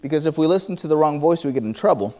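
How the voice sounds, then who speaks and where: High-voiced man preaching a sermon. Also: expressive, dark tone. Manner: storytelling with quoted dialogue and halting restarts.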